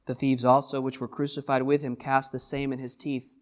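A man preaching a sermon as pastor, swinging between hushed lines and loud, drawn-out emphasis. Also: medium pitch, flat delivery.

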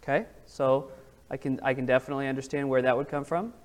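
A man's voice: mid-range voice, fairly even intonation, quick pace. A man leading an interactive Bible study, talking casually and asking the group questions. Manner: conversational, asks the group questions.

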